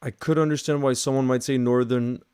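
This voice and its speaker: A man's voice: mid-range voice, fairly even intonation, a little fast, a little mellow, smooth. A man with a Northern Irish accent chatting casually through a live match watchalong, greeting viewers and answering their questions.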